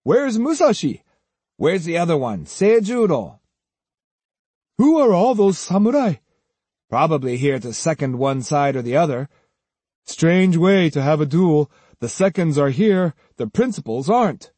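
A man's voice: on the high side, sing-song, a little slow, dark tone, slightly rough, no room sound, voice pushed up, heavily acted. A man voicing puzzled, chattering onlookers in a crowd. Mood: puzzled, gossiping.

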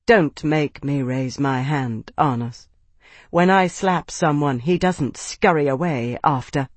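A man voicing a poised noblewoman who speaks quietly, coolly and condescendingly in an audiobook. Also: on the high side, expressive, a little slow, husky, no echo. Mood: cold.

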